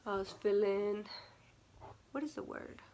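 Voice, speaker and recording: A woman's voice: medium pitch, a little slow, dark tone, slight background noise. Chatty young woman telling a story. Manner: chatty, many fillers and laughs, acts out quotes. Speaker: vlogger. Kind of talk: casual storytime vlog.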